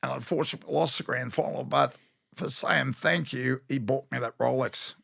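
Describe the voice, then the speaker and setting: Gravelly Australian man telling yarns. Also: mid-range voice, moderate pace, fairly bright tone, no room sound, studio quality. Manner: blokey, rambling anecdotes with slang and laughs. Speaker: podcast guest, former rugby league player. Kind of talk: casual storytelling chat.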